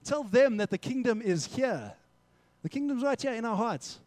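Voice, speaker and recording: Here a young male youth pastor, fairly high-voiced, preaches at a moderate pace in an upbeat, chatty style, talking to the room as "guys." Now and then he performs short mini-scenes to make a point, captured in dry, close sound without echo.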